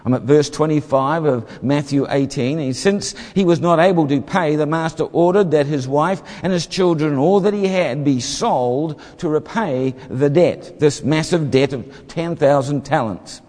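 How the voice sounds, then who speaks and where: A man's voice: on the high side, moderate pace, hardly any pauses, darkish tone. Man preaching in a reverberant hall. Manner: expository, acts out the parable's voices. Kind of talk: sermon.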